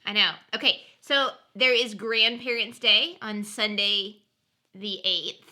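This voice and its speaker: A woman's voice: medium pitch, steady tone, slow pace, pushed and bright. A young woman co-hosting a podcast, upbeat and casual, reading through a list and laughing easily. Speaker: podcast co-host. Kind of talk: casual chat.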